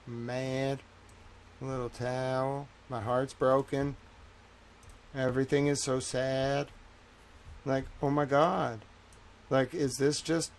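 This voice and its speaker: A man from the Boston area hosting a livestream, ranting and pleading with his viewers, often swearing and slowing down to stress his words. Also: medium pitch. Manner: pleading and repetitive, swearing, slows to stress each word. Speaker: livestream host. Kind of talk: impassioned solo livestream rant.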